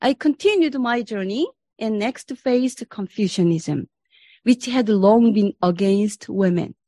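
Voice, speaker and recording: A woman's voice: mid-range voice, lively intonation, warm tone, dry recording. A woman from Korea giving a formal, reflective spiritual presentation as a professor. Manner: earnest and reflective, deliberate delivery.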